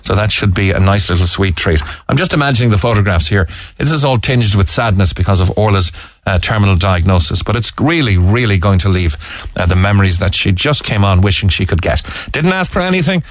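A man's voice: lowish voice, expressive, a little fast, dry recording. A man with a Cork accent presenting talk radio in a studio, earnest, with many "uh" fillers as he reads out listener texts. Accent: Irish, Cork. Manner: earnest, with frequent "uh" fillers and restarts. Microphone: studio microphone.

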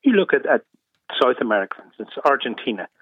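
An Irish man calling in to a radio show, speaking emphatically and getting louder and higher when he is enthused. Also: big pitch swings, quick pace, slightly rough, no echo. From Ireland. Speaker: caller. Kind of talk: phone-in radio opinion. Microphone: telephone. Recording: tinny phone line.

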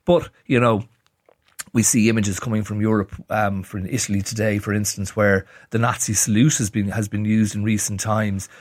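A man, a newspaper editor on a radio panel, talking in a measured way with frequent restarts. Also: fairly low pitch, level tone, no echo, clean studio sound.

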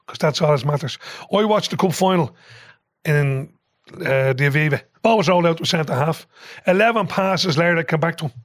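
Guest: older Irish man, high-pitched and animated, sweary storyteller, dry close mic. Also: brisk, dry recording. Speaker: podcast guest, former football manager. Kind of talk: casual storytelling chat.

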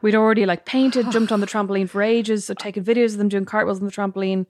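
A woman's voice: mid-range voice, fairly even intonation, quick pace. A young woman from Ireland co-hosting a casual chat podcast, with chatty talk and wry asides. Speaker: podcast co-host.

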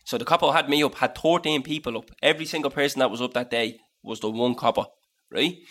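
Man, Dublin accent, late twenties, podcast co-host, animated storytelling, crisp bright tone. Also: medium pitch. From Dublin, Ireland. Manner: animated, swearing, acts out voices in anecdotes. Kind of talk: casual storytelling chat.

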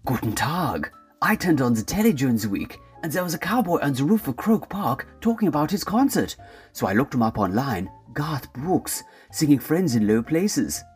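A pompous German man, put on by a comic performer, lectures in a German accent. The voice swoops widely in pitch and sits mid-range. Faint music plays behind. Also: sing-song, moderate pace, breathy edge. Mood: sniffy. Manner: dry, condescending, lecturing. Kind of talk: comic radio sketch.

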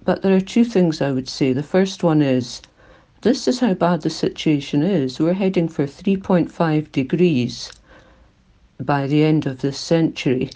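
A woman's voice: low-pitched, animated, a little slow, mellow. An older woman with a Glaswegian accent, a climate activist speaking earnestly and with feeling in a recorded interview, her voice shaking at times. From Scotland.

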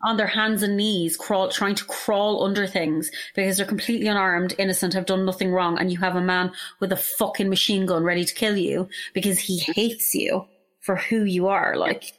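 A woman's voice: mid-range voice, fairly even intonation, normal speed. A young woman in casual chat, talking with heated emotion and frequent swearing. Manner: impassioned, emotional, swears freely.

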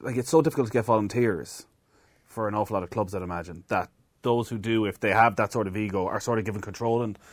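A man's voice: lowish voice, fast, no room sound, clean studio sound. A middle-aged Irish man co-hosting a podcast, making emphatic, opinionated points in casual chat. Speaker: podcast co-host.

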